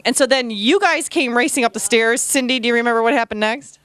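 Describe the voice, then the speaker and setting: A woman tells her ghost story in a smooth, clear voice, close and dry in a bed-and-breakfast inn. She talks in a chatty, animated way, full of ums and asides. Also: sits high, normal speed, few pauses, no room sound. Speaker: ghost hunter telling an encounter. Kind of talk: storytelling to an audience.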